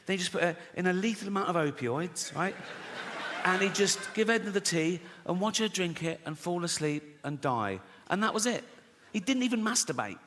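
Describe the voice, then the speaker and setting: The recording picks up long hall reverb and background noise as a middle-aged stand-up comedian performs on a theater stage for an audience. His voice sits high and a bit bright, animated at normal speed, delivering a profane, mock-outraged rant.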